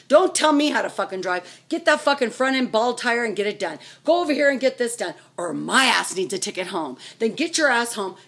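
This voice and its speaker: A middle-aged woman with a fairly high, husky voice vents in a furious, profane rant. She hammers out one angry question after another. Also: a bit bright. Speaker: vlogger.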